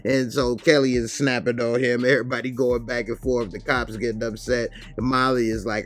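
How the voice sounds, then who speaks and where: A man reviewing a TV show recaps the episode casually in a steady, mid-range voice. Scenes get a loose, conversational retelling, with short acted quotes thrown in.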